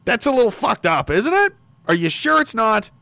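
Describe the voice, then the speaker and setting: A man commenting sarcastically on news headlines in a casual, animated way. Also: very high-pitched, moderate pace, vocal fry, a little hiss or hum. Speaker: commentary streamer.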